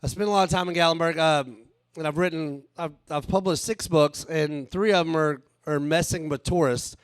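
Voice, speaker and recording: A man's voice: on the high side, steady tone, normal speed, dry recording, studio quality. A man doing a rambling, crude stand-up set on a live stage, laughing at his own jokes. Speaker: stand-up comedian and author.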